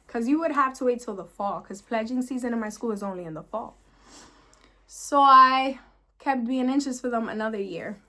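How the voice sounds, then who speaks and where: A young woman vlogging, telling a personal story in an animated, emphatic way, repeating words for emphasis. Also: fairly high pitch. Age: young adult. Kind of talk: storytime vlog.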